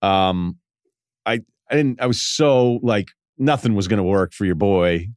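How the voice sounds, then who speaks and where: A man in his forties hosts a podcast, telling casual stories in a loose, self-mocking monologue and laughing between phrases. His fairly low voice is unhurried, recorded with clean studio sound and no room sound.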